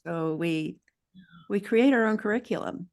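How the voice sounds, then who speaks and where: A woman leading a casual group video chat, gently encouraging others to share. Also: medium pitch, unhurried.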